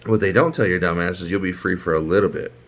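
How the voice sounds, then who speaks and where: A man with a fairly low voice rants heatedly and profanely about current events. He talks like a commentator, and his voice climbs toward shouting when he gets worked up. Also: steady tone, quick pace. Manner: angry profane rant, rising to shouts. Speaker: YouTube commentator. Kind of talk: ranting commentary.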